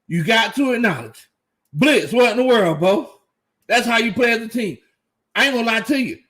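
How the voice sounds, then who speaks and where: A man hosting a casual live fan reaction stream, excited, laughing often and reading out chat comments. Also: extremely high pitch, normal speed. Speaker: sports fan livestream host.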